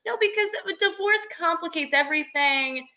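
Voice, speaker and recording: A woman's voice: very high-pitched, normal speed, sharp tone. A young woman, a guest comedian, speaking in a dry, sarcastic way in a casual podcast conversation.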